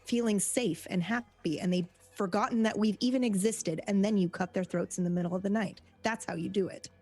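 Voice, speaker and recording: A woman's voice: medium pitch, fairly quick, darkish tone, lightly acted. A woman voicing a blunt, cautious adventurer who speaks plainly and practically. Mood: wary.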